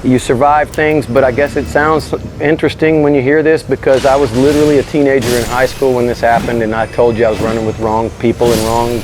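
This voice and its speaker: A man telling a story as an interview guest, animated and slangy, swearing freely. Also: medium pitch, brisk, few pauses, noisy background. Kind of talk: casual storytelling.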